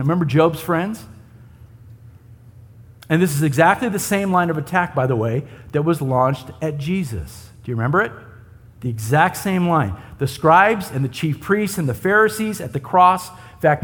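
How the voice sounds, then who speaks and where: A man preaches a sermon in a rather high voice, talking to his congregation as if in conversation. He keeps checking in with rhetorical questions. His voice rings out with the long reverb of a church hall. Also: slightly rough. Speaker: pastor.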